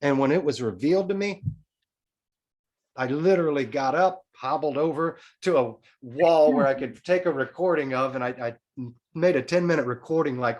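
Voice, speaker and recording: Here's a fortyish man on a podcast, medium pitch, normal speed, telling his own story in relaxed conversation. He's candid and profane throughout, and the storytelling is animated.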